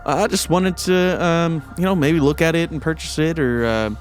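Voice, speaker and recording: A man's voice: a little high, moderate pace, faint music behind. A man role-playing a character at a tabletop game, rambling and hesitant with lots of ums and restarts. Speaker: player.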